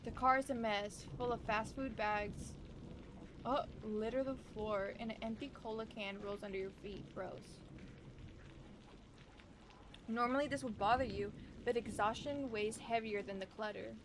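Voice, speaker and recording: A woman hosting a visual novel let's play, reading the narration aloud and reacting in a chatty, expressive way. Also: fairly high pitch, a little slow, background noise. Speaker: gaming channel host.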